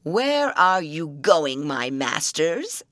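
A slow, booming old troll, gruff and scheming, voiced in a close, dry storybook reading by a woman. He rolls his words out heavily and with menace, his voice lower and louder than the narration around him. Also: sing-song, no room sound, heavily acted. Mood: menacing.

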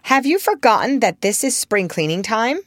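A woman's voice: fairly high pitch, wildly swooping pitch, unhurried, dry recording, clean studio sound, voice pushed up, heavily acted. A woman reading aloud and voicing an eager, demanding boy who never grew up. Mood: insistent. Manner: bold, demanding, then frightened. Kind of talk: storybook reading.

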